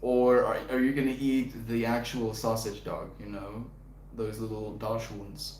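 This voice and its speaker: A man's voice: lowish voice, fairly even intonation, a little slow, darkish tone. A young man hosting a casual live stream, reading viewer comments and chatting in a laid-back way, often laughing and calling people dude and bro. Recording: echoey room.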